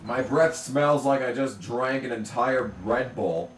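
A male gamer talks through his race in a mid-range voice, grumbling and cursing, and flares up into shouting at rivals. He sits back from the mic in a roomy, echoing space, with faint ambience behind him. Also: mid-range voice, measured pace, recorded from a distance, slight background noise. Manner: profane, ranting, bursts into shouts at the game. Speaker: gamer commentating his own play. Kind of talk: let's play commentary.

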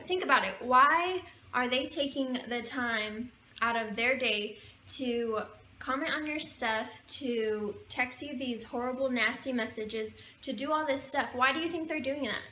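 A woman's voice: high voice, measured pace, pushed and bright. Earnest young woman vlogging in an echoey room. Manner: earnest, emotional, preachy. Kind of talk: heartfelt talk to camera. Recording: echoey room with faint background noise.

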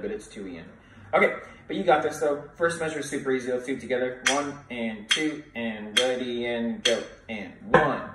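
A man's voice: medium pitch, far from the mic, slight background noise. A male music teacher giving a snare drum lesson, counting rhythms aloud and encouraging students to play along. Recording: roomy echo, voice from off the mic.

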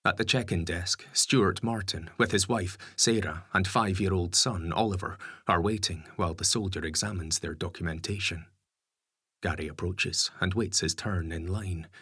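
A man narrating an audiobook story in a measured, even storytelling manner. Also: sits low, husky, dry recording, studio quality. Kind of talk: scripted narration.

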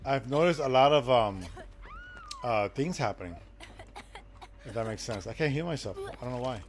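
A man streaming a live game, joking with chat and breaking into loud excited shouts. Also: medium pitch, normal speed. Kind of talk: live gameplay commentary.

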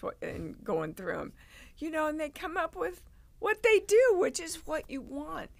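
Woman, interview guest, animated storyteller, gravelly, slow-paced. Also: high-pitched. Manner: animated, acts out quoted people.

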